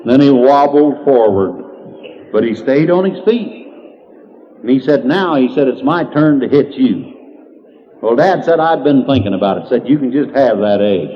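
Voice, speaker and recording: On a lo-fi 1990s tape that sounds dull and faintly hissy, an older Indiana man tells folksy, funny stories as a country humorist. His mid-range voice drawls with lively intonation at a moderate pace, and he chuckles at his own punchlines.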